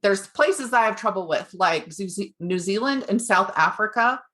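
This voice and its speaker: A woman's voice: mid-range voice, expressive, moderate pace, bright, forceful tone. A woman hosting a podcast, chatting casually and laughing often. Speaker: podcast host. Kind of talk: casual chat.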